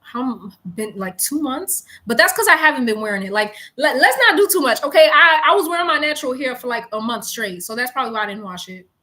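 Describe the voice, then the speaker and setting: Young woman, casual tarot reader, chatty and profane, bright, slightly high voice. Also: lively intonation, fast talker, hardly any pauses. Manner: chatty, profane, laughs a lot. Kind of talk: casual livestream tarot reading.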